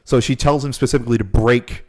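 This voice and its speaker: A man's voice: mid-range voice, fast. A man retelling a story with a lot of swearing. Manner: animated storytelling, swears freely. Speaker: podcast host. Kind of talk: casual chat.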